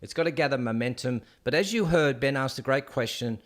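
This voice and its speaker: An Australian man hosting a live call-in stream, chatty and excitable, calling listeners "mate" and "people". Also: mid-range voice, fairly quick. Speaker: host of a live call-in show.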